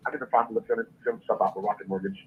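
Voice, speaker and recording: Male buyer on a call, low voice, rapid, casual and blunt, phone quality. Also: steady tone. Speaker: caller, prospective home buyer. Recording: tinny phone-line call recording.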